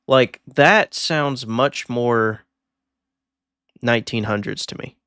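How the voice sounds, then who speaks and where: A man's voice: mid-range voice, slow, fairly bright tone, clean tone, no room sound, clean studio sound. A man streaming a video game and rambling through casual commentary while thinking aloud.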